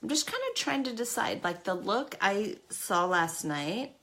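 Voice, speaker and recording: A woman's voice: medium pitch, expressive, measured pace, pushed and bright. A woman hosting a live makeup stream, chatty and emotional, talking to her viewers by name. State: tearful at times. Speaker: makeup livestream host. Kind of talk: casual live makeup chat.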